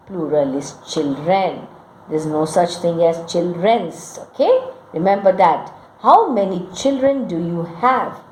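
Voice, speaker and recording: A woman's voice: mid-range voice, darkish tone, slight background noise. A woman teaching English grammar, reading out wrong sentences, then correcting them and quizzing her students. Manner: slow, deliberate, corrects each sentence and quizzes the class. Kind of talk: classroom grammar lesson. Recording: echoey room with faint ambience.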